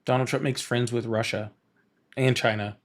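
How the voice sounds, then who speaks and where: A man's voice: medium pitch, steady tone, normal speed. A man hosting a heated political debate, arguing hard, interrupting and repeating his questions. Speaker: host.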